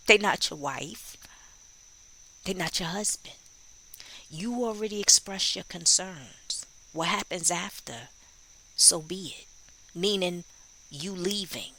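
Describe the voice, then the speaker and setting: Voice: mid-range voice, lively intonation, slow, pauses often, pushed and bright, slight background noise, low-quality recording. A true crime commentator in casual spoken commentary, musing and rhetorical, acting out bits of quoted dialogue.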